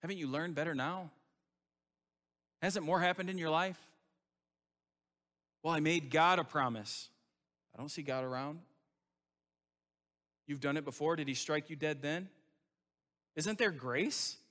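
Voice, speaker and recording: A preacher putting on a coaxing devil. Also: male voice, a little high, measured pace, long pauses, a bit bright, in a large hall. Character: tempting devil, smooth and persuasive.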